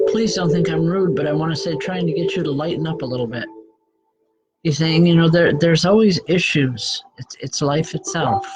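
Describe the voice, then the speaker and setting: Woman host doing live readings, halting delivery, loud music underneath. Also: sits low, rough recording. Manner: halting, frequent restarts and self-corrections. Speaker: spiritual reader hosting a call-in show.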